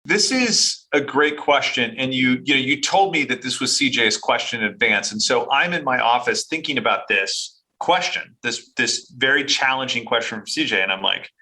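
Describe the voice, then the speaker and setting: A middle-aged man, a company CEO, talking fast and animatedly in a casual business interview, often restarting his sentences. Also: medium pitch, bright, forceful tone, low-quality recording. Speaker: company CEO, podcast guest.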